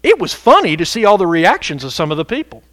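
A man preaching a sermon as pastor, animated and conversational, breaking into sudden shouts for emphasis. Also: high voice, fast, no echo.

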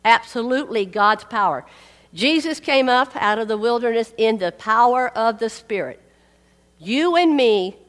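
A woman's voice: fairly high pitch, fairly bright tone. A woman preaching a sermon, emphatic and repeating key phrases for weight. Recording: long hall reverb.

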